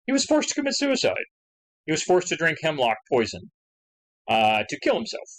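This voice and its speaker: Animated, chatty male history lecturer. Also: on the high side, normal speed, low-quality recording. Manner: conversational, rambling with asides and fillers; acts out quoted questions with rising emphasis. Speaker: history teacher. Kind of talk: recorded lecture.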